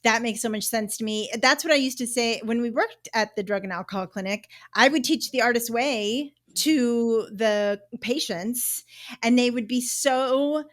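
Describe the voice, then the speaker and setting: A woman's voice: on the high side, moderate pace. A woman co-hosting a podcast, speaking emphatically and casually, swearing freely. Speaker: podcast co-host. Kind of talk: casual conversation.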